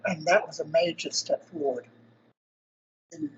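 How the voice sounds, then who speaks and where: An older man from South Africa, interviewed in a university lab, explaining technical ideas step by step in a measured way. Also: a little high, very animated, sharp tone, highs cut off, slight background noise. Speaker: interviewee, engineering professor.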